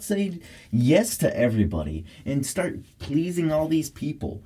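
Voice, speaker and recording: A man talks to his dog in sing-song baby talk, his voice leaping from low murmurs to high squeals. The pace is slow and unhurried. The tone is mellow and a little husky. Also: huge pitch swings. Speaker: podcast host. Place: recording studio.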